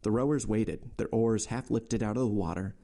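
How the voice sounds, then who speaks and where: A man reading a novel aloud for a podcast in a measured, steady storytelling voice. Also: fairly low pitch, gravelly. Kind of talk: audiobook narration.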